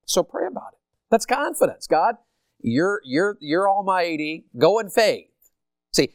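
With a high voice captured in echo-free studio quality, an older Southern pastor from Tennessee gives a lively sermon and quizzes the congregation with questions.

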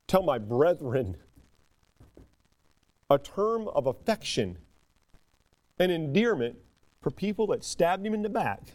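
A man preaching a sermon, emphatic and animated, often breaking off and restarting his sentences. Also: on the high side, slow pace, long pauses. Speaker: pastor.

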